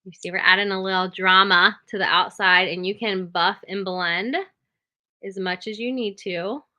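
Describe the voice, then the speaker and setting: Bright-voiced woman teaching makeup. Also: mid-range voice, moderate pace, muffled recording. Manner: steady step-by-step instruction, frequent "okay?" check-ins. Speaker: makeup tutor. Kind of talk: makeup tutorial.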